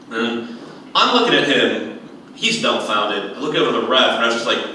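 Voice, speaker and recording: A young man doing a stand-up comedy set, telling animated stories and acting out other people's voices. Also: medium pitch, moderate pace, recorded from a distance, slight background noise. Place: comedy club stage. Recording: echoey room heard from afar.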